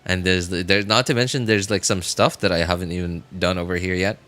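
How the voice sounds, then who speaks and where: A man's voice: sits low, steady tone, fairly quick, fairly bright tone. A man on a casual gameplay livestream, sleepy and yawning, rambling as he talks back to his viewers' chat. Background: faint game music.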